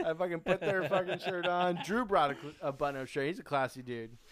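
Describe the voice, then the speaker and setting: A man's voice: fairly high pitch, brisk, fairly bright tone. Rambling, profane young man telling a story. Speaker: podcast host. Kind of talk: casual storytelling.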